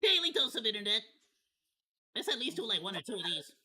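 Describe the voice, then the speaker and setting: Bright-voiced rambling streamer guy. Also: high voice, big pitch swings, a little fast. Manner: rambling, candid, casually profane. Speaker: VTuber streamer. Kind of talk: casual watch-party commentary.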